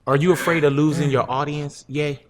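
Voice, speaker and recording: A man's voice: a little high, steady tone, brisk, a little hiss or hum. A man hosting an interview, asking probing questions and offering short agreements. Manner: probing, gives short backchannel replies. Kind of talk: casual interview.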